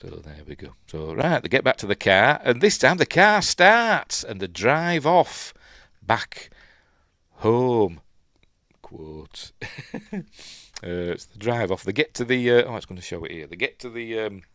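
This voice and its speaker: A man's voice: mid-range voice, big pitch swings, measured pace, fairly bright tone, dry recording, studio quality. A middle-aged man with a Yorkshire accent hosts a casual film commentary, rambling with many fillers and chuckling as he goes. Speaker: host.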